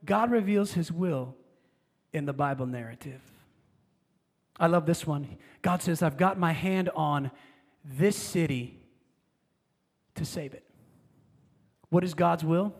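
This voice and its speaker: A man in his thirties preaching a fervent sermon as pastor, swinging from hushed lines to loud emphasis. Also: on the high side, slow, pauses often. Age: 30s. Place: large church hall. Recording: long hall reverb.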